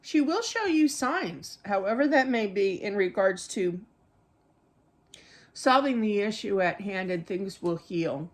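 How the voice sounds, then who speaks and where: A woman's voice: medium pitch, animated, a little slow. Chatty middle-aged woman giving a psychic reading. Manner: rambling and chatty, with many fillers and asides. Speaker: psychic medium. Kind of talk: live spirit reading to viewers.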